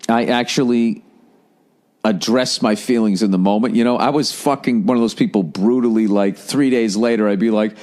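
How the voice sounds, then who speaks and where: A middle-aged man with a somewhat low voice, telling a comic story in a loose, profane, conversational way. He is a comedian hosting his own podcast, rambling along with plenty of asides. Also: moderate pace, a little mellow.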